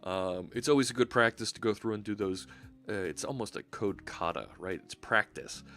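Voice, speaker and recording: A man's voice: on the low side, fairly bright tone. A man streaming a live coding session, chatting casually and thinking aloud with fillers as he works.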